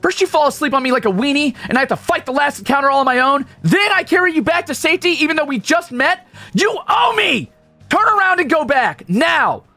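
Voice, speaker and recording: A man doing a sneering troll girl, high. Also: lively intonation, brisk, faint music behind, full character voice. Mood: furious. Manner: sneering, shouting. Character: bitter, scornful teenage alien troll girl.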